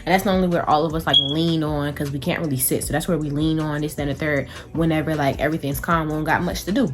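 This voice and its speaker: A teenage girl vlogger telling a story in a chatty, animated way, talking straight to her viewers. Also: deep voice, fast, music in the background. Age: teens. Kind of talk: casual storytime.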